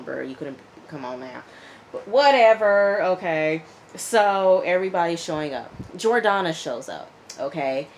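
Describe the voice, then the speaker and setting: A woman casually recapping a TV episode in a chatty, animated way, often checking in with "okay?" and acting out the people she quotes. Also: sits low, slight background noise, poor audio. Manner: chatty, animated retelling with frequent "okay?" and fillers. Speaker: TV episode reviewer.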